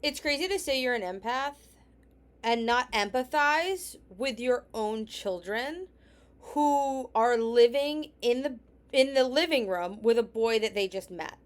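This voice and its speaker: A woman's voice: on the high side, animated, a little slow. A woman hosting a reaction commentary, sarcastic and scolding, often dropping to a near whisper. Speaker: commentary host.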